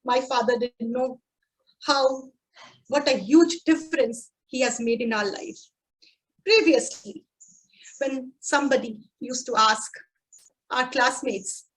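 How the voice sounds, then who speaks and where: A woman with a high voice gives a prepared speech to a speaking club. She speaks slowly and deliberately and pauses for effect. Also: fairly bright tone, low-quality recording. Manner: slow, deliberate, with dramatic pauses.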